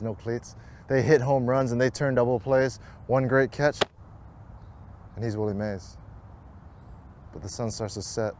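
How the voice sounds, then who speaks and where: Male ad narrator, rhymed spoken word, low voice, faint outdoor noise. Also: a little mellow. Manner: measured, poetic cadence.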